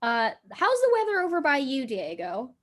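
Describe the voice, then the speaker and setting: A woman's voice: high voice, wildly swooping pitch, moderate pace. A woman hosting a casual live cooking stream from home, chatty and giggly with lots of fillers. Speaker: livestream cooking host. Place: home in Brooklyn.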